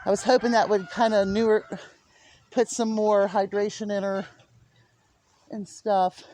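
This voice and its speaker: A homestead vlogger walks around her small farm outdoors, chatting casually to the camera in a flat, mellow voice at a measured pace, recorded dry. With her animals she rises into high, sing-song baby talk.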